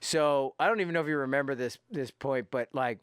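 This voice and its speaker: A man's voice: medium pitch, a little fast, clear, resonant tone, no echo, clean studio sound. A man hosting a podcast, telling a rowdy tour story in a loose, profane, laughing way with lots of restarts. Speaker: podcast host. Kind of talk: casual storytelling chat.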